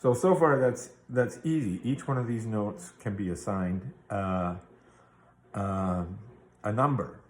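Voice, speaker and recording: A man's voice: lowish voice, takes it slowly, reverberant, slight background noise. A man teaching a guitar theory lesson, explaining patiently step by step and checking in with the listener. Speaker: music teacher.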